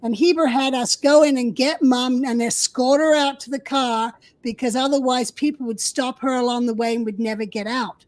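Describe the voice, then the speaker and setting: A woman co-host sharing a story in casual chat, lively as she tells it. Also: high voice, normal speed, hardly any pauses, dry recording, poor audio.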